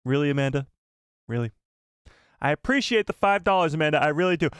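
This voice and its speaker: Excitable man live-streaming to chat. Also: on the high side, quick pace, clear, resonant tone, no echo, studio quality. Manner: excitable, joking, talks straight to chat.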